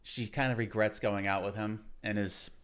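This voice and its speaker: Brief: low-pitched male host reacting to a clip with dry, wry remarks. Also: fairly even intonation, moderate pace, a bit bright, clean tone. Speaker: commentary host. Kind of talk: reaction commentary.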